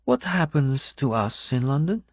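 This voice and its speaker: An audiobook narrator, a man, voicing a wary, bitter foreign woman who speaks slowly and gravely with a foreign-sounding accent. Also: rumbling low, sing-song, a little mellow, no echo, studio quality, voice pushed up, exaggerated voice. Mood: bleak, wary. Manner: slow, measured, bleak delivery. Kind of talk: audiobook character voice.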